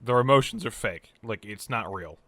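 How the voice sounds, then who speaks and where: A man's voice: lowish voice, lively intonation, moderate pace, a bit bright. A man co-hosting a podcast, explaining at length and steering the conversation back on track. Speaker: podcast co-host. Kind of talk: casual chat.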